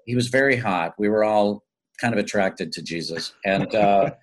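A man, a stage actor guest, telling chatty, animated anecdotes in a casual interview. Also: fairly low pitch, moderate pace.

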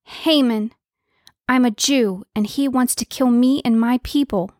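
A woman plays a timid young queen who stammers through her words. Her voice sits fairly high and moves slowly, with a dry, close sound. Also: a little mellow, no room sound, natural voice. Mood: pleading. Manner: hesitant, stammering. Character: timid young queen, scared then brave.

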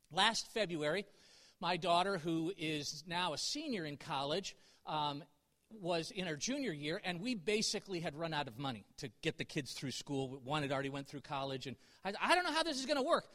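Earnest high-voiced preacher in a reverberant hall. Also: male voice, bright, forceful tone. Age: middle-aged. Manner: earnest, candid, self-deprecating, rising to emphatic peaks. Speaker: pastor. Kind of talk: sermon.

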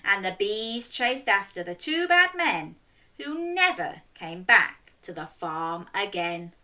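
A young woman reading a children's story aloud and running games, speaking directly to young children in an animated way. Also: mid-range voice, slow, slight background noise.

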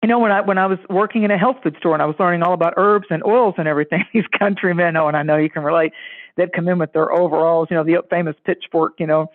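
A man telling stories in a casual podcast chat, animated and acting out the voices of people he quotes. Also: on the high side, quick pace. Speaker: podcast guest. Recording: tinny phone-like line.

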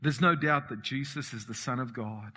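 A man preaching a fervent, emphatic sermon as pastor, swinging between shouts and quiet asides. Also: medium pitch, moderate pace, breathy edge. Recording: long reverb of a hall.

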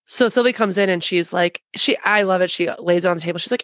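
A woman in casual chat about a TV show, chatty, slipping into animated quoted voices and laughing often. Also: fairly low pitch, fast talker, few pauses, no echo. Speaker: podcast co-host.

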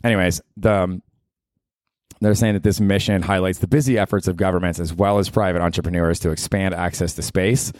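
A man's voice: low-pitched, steady tone, fairly quick, darkish tone, dry recording, studio quality. A man hosting a casual comedy podcast on his own, talking in a sarcastic, profane and rambling way. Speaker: podcast host.

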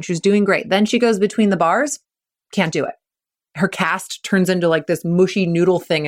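A woman hosting a podcast as a mental performance coach, explaining with energy and acting out kids' and coaches' voices in quick quoted asides. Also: fairly low pitch. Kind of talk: solo podcast talk.

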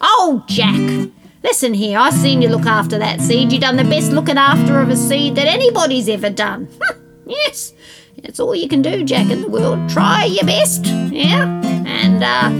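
A woman's voice: high voice, huge pitch swings, normal speed, loud music behind the voice, exaggerated voice. A woman storyteller voicing a cheerful, homely mother who talks in a folksy, coaxing way with loose grammar. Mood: excited.

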